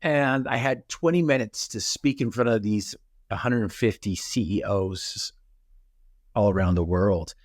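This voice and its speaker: A middle-aged man with a lowish voice tells stories as a podcast guest, jumping into his own reactions as he goes. His voice is close and dry, with no room sound around it. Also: unhurried, no echo. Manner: animated storyteller, acts out his own reactions. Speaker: guest speaker. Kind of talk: storytelling in a podcast interview.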